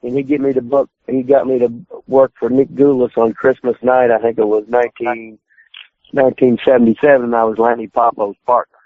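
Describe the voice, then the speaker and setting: Brisk and level in tone, a retired pro wrestler with a medium-pitched voice tells profane stories as a phone-in podcast guest. He swears constantly and loudly acts out his own quotes, over a tinny, dry line with no echo.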